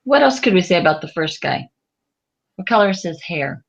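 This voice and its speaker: Teacher, female, lowish voice, patient and prompting, slightly dull lo-fi recording. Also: very animated, normal speed, gravelly. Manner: patient, prompting with questions, many fillers. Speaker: Spanish teacher. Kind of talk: classroom lesson going over exercises.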